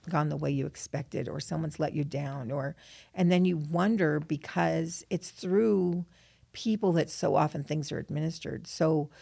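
A woman's voice: low voice, gravelly, mellow, slightly rough. A woman co-hosting a scripture lesson, reflecting thoughtfully and searching for her words as she goes. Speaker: podcast co-host.

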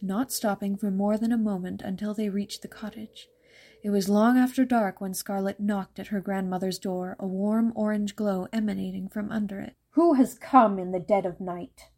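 A woman narrating a dark fairytale in a measured, even storytelling manner. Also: mid-range voice, vocal fry.

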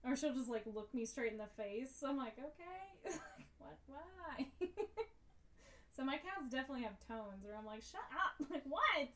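A young woman co-hosting a podcast, telling stories in a casual, animated way and often laughing. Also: high-pitched, moderate pace, far from the mic. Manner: animated storytelling with frequent laughter. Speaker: podcast co-host. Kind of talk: casual chat.

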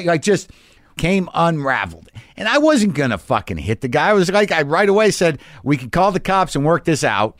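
A man's voice: a little high, big pitch swings, brisk, no room sound, clean studio sound. A man hosting a podcast, telling a story in a casual, profane, worked-up monologue. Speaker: podcast host.

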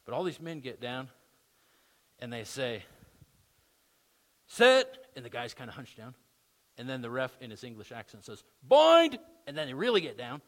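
A man's voice: mid-range voice, brisk, a bit bright. Conversational man preaching. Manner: conversational, builds to emphatic bursts. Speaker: pastor. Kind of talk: sermon.

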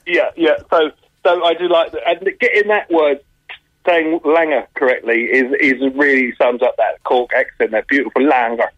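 A man, a touring comedian from the UK, chatting in a radio interview over the phone, animated and laughing often. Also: on the high side, moderate pace, no room sound. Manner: animated, laughs often, slips into mimicked accents. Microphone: telephone. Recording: muffled phone line.

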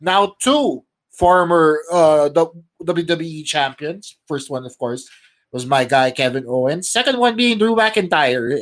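A man's voice: on the high side, a bit bright. A man co-hosting a wrestling podcast, joking and teasing his co-host with frequent laughs. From Philippines. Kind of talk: casual chat.

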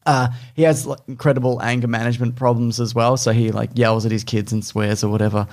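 An Australian man who talks quickly, co-hosting a relaxed podcast. His delivery is dry and teasing, full of offhand jokes. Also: mid-range voice. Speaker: podcast co-host. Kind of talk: casual chat.

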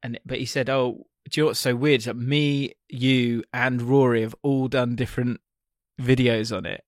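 A man's voice: mid-range voice, flat delivery, normal speed, no room sound, clean studio sound. A man co-hosting a football podcast, chatting casually and rambling with frequent ums and restarts. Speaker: podcast co-host.

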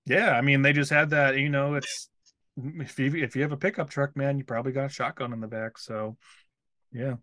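Bright-voiced joking American guy. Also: mid-range voice, steady tone, brisk, no room sound, clean studio sound. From United States. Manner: joking, rambling with restarts. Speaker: podcast co-host. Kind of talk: casual movie review chat.

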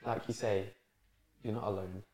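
A man's voice: on the low side, steady tone, moderate pace, noisy background. Affirming male co-host in an echoey room. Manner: warm affirming listener, lots of "yeah". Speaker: podcast co-host. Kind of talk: casual chat.

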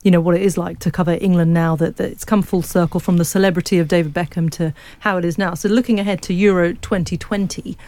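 A woman's voice: on the low side, steady tone, fast talker, few pauses, warm tone. A woman hosting a sports podcast, asking chatty prompting questions. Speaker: podcast host. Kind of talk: casual interview questions.

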